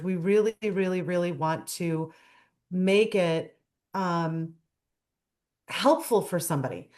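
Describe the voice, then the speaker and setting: A woman guest in a casual talk show, telling a story with lively, expressive delivery. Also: mid-range voice. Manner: animated storyteller, acts out characters' lines. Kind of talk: casual chat.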